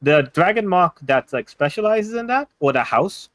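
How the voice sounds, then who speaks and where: A young man with an Indian English accent, running a casual tabletop game session as dungeon master. He rambles through ideas with lots of "like" and restarts, and adds quick jokes. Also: high voice, animated, a bit bright, no room sound.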